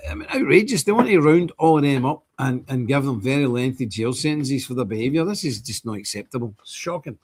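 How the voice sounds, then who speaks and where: A man's voice: medium pitch, animated, brisk, few pauses, darkish tone, slightly rough. An older man hosting a livestream, talking casually and ranting indignantly in bursts. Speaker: streamer host.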